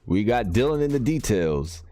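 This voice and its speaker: Streamer, male, very low voice, loose chatty delivery reacting to chat, soft music underneath. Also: very animated, moderate pace. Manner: chatty, reacts to viewer comments and posts as he reads them. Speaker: game streamer. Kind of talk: casual live-stream chat.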